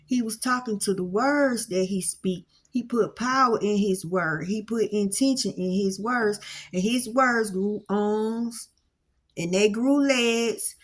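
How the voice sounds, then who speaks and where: A woman with a medium-pitched voice gives a casual spiritual monologue to camera at home, dogs at her feet, speaking slowly. She uses a folksy preacher cadence and Southern vernacular, repeating phrases often.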